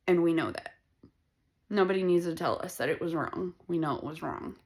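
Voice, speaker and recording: Woman, tarot reader, blunt, swears freely, rambling chat, lowish voice. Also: expressive, brisk. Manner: blunt and profane, rambling and conversational. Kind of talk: casual tarot reading monologue.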